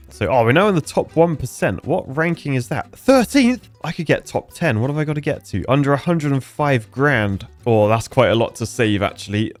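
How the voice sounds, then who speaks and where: Man musing over a building game. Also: medium pitch. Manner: thinking aloud, chuckling often. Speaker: gaming YouTuber. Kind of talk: casual game commentary.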